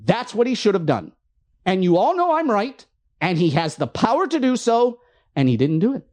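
A man's voice: high voice, very animated, moderate pace, darkish tone. A man hosting a show, delivering a fervent, preachy political rant full of frustration. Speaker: host.

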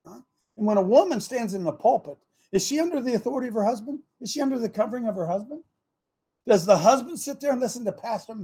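A man hosting a talk show, rambling and excitable, repeating his phrases and swinging between loud bursts and hushed asides. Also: high-pitched, slightly rough. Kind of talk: fiery talk show monologue.

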